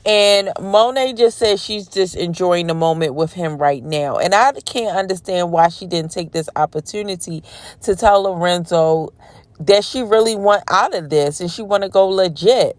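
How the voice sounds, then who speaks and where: A woman giving a casual, slangy recap of a TV drama episode and reacting loudly to the scenes. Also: lowish voice, moderate pace, no room sound. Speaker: TV recap commentator.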